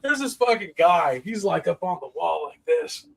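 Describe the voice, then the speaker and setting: A man hosting a casual podcast chat, telling a story in an animated, profane way, laughing and acting out what people said. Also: high voice, normal speed, vocal fry.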